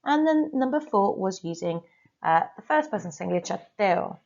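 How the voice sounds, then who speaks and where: Woman, Spanish teacher, slow careful dictation, medium pitch, muffled lo-fi recording. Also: animated, creaky, darkish tone. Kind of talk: recorded video lesson with dictation.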